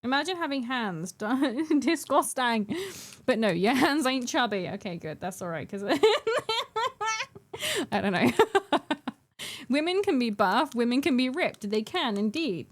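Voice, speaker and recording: A woman's voice: sits high, sing-song, slow pace. A young adult woman chatting casually with her live-stream chat while painting miniatures, giggling and bantering playfully.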